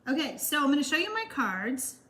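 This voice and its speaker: A Texan woman with a high-pitched, sing-song voice keeps a brisk pace as she hosts a chatty card-making live stream. Going through viewer comments, she gushes warmly and rambles, leaning on fillers.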